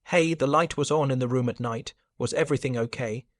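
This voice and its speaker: A man voicing a caring younger sister who asks quickly and with concern. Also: mid-range voice, no room sound, close to an everyday voice.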